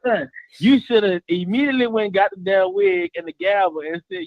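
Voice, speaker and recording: A man calling in to a talk show, loudly ribbing rivals with laughter and profanity. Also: sits high, fairly quick, noisy background. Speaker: caller. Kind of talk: joking call-in banter.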